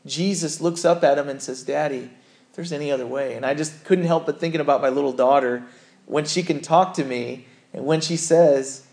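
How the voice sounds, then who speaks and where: Earnest higher-voiced male pastor. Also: steady tone, normal speed, a little mellow. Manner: earnest and conversational, with frequent self-corrections. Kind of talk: sermon.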